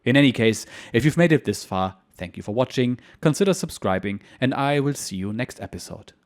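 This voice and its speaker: A man narrating a war memoir as a history channel host, in a steady, measured reading style. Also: medium pitch.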